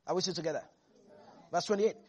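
A preacher giving an animated sermon, repeating lines for emphasis and laughing often. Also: mid-range voice, quick pace, slightly rough. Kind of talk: lively sermon.

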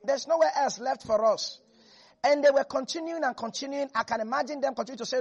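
A preacher gives an animated sermon, laughing often and acting out the quotes in the scripture. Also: high-pitched, brisk, muffled recording.

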